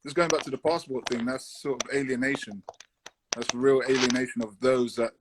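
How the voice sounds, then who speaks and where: Halting British man, noisy line. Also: medium pitch, steady tone. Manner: halting, thoughtful, many fillers. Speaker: discussion guest. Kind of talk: casual discussion. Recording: noisy background.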